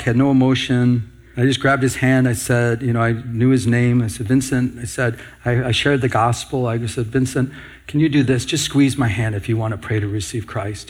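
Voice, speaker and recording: A man preaching with a husky, slightly breathy voice at a middling pitch. He builds his points through repetition and rhetorical questions, earnest and steady. He sounds like a pastor addressing a congregation. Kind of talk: sermon.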